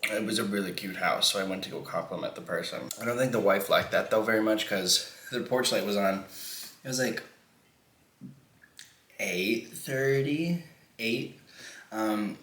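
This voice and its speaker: Young guy rambling while he eats, bright edgy voice, kinda lowish, echoey room. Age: 20s. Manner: rambling, playful, swears freely. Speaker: mukbang vlogger. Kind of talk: casual chat while eating.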